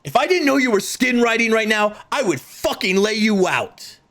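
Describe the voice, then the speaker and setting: A man voicing a furious young male vampire turncoat who shouts and curses. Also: high-pitched, lively intonation, normal speed, voice pushed up. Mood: enraged. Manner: shouting, cursing.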